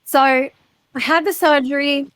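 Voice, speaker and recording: A woman's voice: high voice, fairly even intonation, a little slow, fairly bright tone, no echo. A woman, a podcast guest, telling her personal story frankly and casually, swearing freely.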